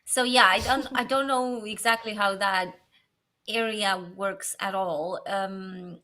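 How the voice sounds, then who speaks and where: A woman's voice: medium pitch, fairly even intonation, slow, pushed and bright. A woman co-hosting a casual chat, joking and laughing often; English is not her first language. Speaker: podcast co-host.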